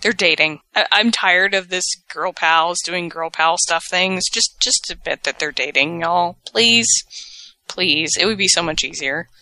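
A woman co-hosting a podcast in casual chat, playful and quick with reactions. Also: on the low side, pushed and bright, no echo. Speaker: podcast co-host.

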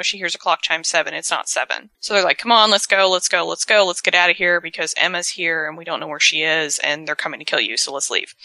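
A woman's voice: on the low side, pushed and bright, dry recording. A woman co-hosting a casual chat, animatedly retelling a story and acting out the characters' lines. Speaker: podcast co-host recapping a TV episode.

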